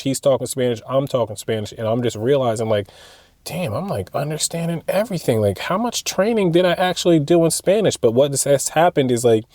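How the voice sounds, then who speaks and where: Rambling man with a mellow voice. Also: medium pitch, dry recording, studio quality. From United States. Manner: rambling, animated retelling with frequent fillers and restarts. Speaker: vlogger. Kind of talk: casual storytelling monologue.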